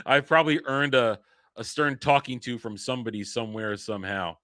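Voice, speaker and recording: Male stream host, loose and rambling, self-interrupting, sharp bright tone. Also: mid-range voice, moderate pace, dry recording, clean studio sound. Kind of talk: casual livestream chat.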